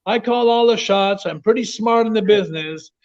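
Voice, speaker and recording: A man tells a story as an interview guest, in a fairly high voice. He is animated and often stumbles over repeated words. The audio sounds dull and lo-fi. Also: moderate pace. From Quebec, Canada. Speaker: interview guest, former wrestler.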